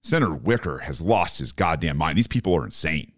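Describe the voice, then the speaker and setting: A man's voice: very deep voice, animated, a little fast, dry recording, studio quality. A man hosting a political podcast, ranting in profane disbelief about current events. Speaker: podcast host. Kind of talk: opinionated political commentary.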